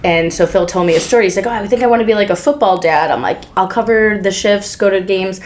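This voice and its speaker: A woman's voice: medium pitch, quick pace, darkish tone. A woman guest on a casual podcast, giving blunt, opinionated sports takes, full of "like" and "you know". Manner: opinionated, blunt, filler-heavy.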